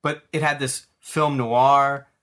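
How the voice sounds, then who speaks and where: A man's voice: mid-range voice, little pitch movement, takes it slowly, fairly bright tone. A man in his thirties hosting a podcast in casual chat. He rambles with enthusiasm and acts out scenes as he retells them. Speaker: podcast host.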